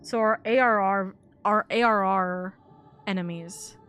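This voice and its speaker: A woman's voice: mid-range voice, fairly even intonation, a little slow, fairly bright tone, clean tone, soft background music. A young woman streamer chatting casually while playing a game; she swears a lot and her voice jumps up when she gets upset. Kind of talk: casual gameplay chat.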